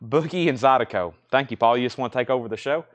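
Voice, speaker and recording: A man's voice: medium pitch, quick pace. Chatty man hosting a live record auction. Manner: chatty, repeats lot details and prices. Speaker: host of a live record sale. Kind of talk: casual live auction patter. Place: record shop.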